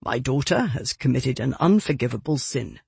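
An audiobook reader voicing a middle-aged gentleman father who speaks in a tight, defeated, subdued way. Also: mid-range voice, sing-song, slow pace, husky, no echo, exaggerated voice.

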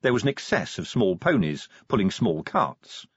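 Husky, expressive male audiobook narrator. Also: fairly low pitch, normal speed, no echo. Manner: expressive, varied delivery. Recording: dull, muffled dry recording.

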